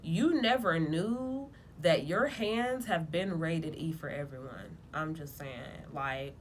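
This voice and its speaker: A woman giving a casual tarot reading, talking bluntly in lively slang with plenty of profanity. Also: low voice, slow pace, a little hiss or hum. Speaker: tarot reader.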